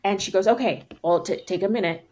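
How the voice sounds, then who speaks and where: A woman's voice: medium pitch, fast, darkish tone. A woman podcast co-host in casual chat, telling a story animatedly and acting out both sides of the exchange, with lots of "like" fillers. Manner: frequent "like" fillers.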